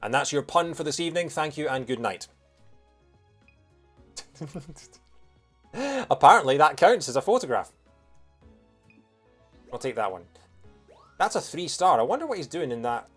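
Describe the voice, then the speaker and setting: Speaking at a medium pitch, a let's play host gives easygoing gameplay commentary. He's eager and talkative, humming bits of music and cracking jokes as he plays.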